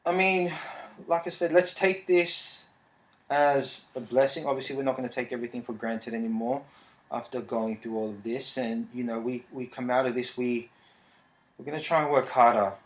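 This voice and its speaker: Brief: man, 30s, podcast host, rambling and relaxed, mid pitch, echoey room. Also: moderate pace. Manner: rambling, relaxed, frequent fillers. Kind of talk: casual solo podcast talk. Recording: roomy echo.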